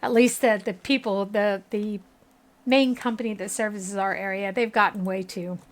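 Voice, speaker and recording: A woman in her thirties speaks at normal speed with a steady, medium-pitched voice. She's chatting casually with her chat during a gaming livestream, giggly and laughing frequently.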